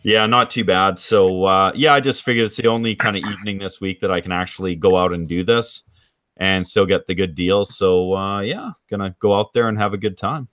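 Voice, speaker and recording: A man from Canada, a guest on a livestream, chatting in a relaxed, easygoing way. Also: low voice, a little fast, no room sound, studio quality. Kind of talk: casual chat on a livestream.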